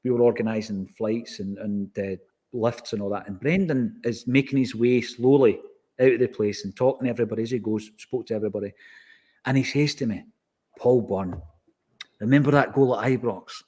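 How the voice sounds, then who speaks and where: A man with a Scottish accent tells a story in relaxed podcast conversation. His voice sits in an ordinary middle pitch, and he acts out the lines he quotes from the people involved. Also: fairly quick, slightly rough. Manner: animated anecdotal, acts out quoted exchanges. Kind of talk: casual storytelling.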